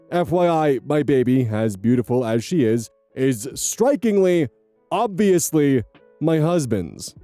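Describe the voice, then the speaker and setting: A man reads an online story aloud with lively, swooping emphasis. His voice is mellow and soft-edged, recorded close and dry, with faint music behind him. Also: mid-range voice, no echo. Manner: animated, expressive, emphatic. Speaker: channel host reading online posts. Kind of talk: dramatic storytelling narration of a Reddit post.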